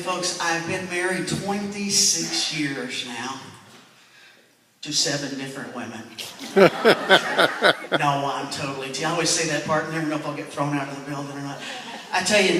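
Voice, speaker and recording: A man's voice: a little high, moderate pace, pushed and bright, a little hiss or hum. A middle-aged man tells funny stories at a church, chuckling and calling the crowd sir and ma'am. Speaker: church comedian. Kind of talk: stand-up storytelling. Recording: echoey hall, distant mic.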